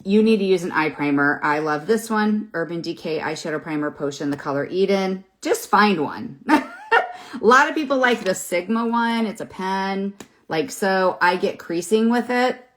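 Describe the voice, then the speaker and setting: A woman's voice: medium pitch, animated, moderate pace. A woman in her fifties hosting a live makeup tutorial, chatty and encouraging, rambling a little with fillers as she works on camera. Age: 50s. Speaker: makeup seller and host. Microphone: phone or webcam in front of her.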